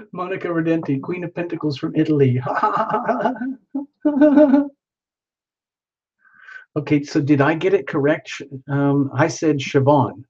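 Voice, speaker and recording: A man's voice: fairly high pitch, fairly even intonation, normal speed, darkish tone, breathy edge, highs cut off. A man hosting a live tarot reading, chatting and rambling as he reads out viewers' names.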